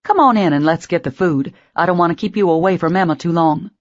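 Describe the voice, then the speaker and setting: A woman playing a doting older grandmother in an audiobook, fond of endearments and fussing over her family. Her voice is low for a woman, on a dry studio recording. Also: quick pace, no echo, dull audio, natural voice. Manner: affectionate, uses endearments.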